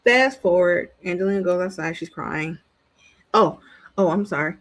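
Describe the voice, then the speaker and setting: A woman's voice: lowish voice, moderate pace. A woman reviewing a reality TV show in casual commentary. She speaks bluntly, swears freely and acts out what the cast said. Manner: animated, acts out what others said.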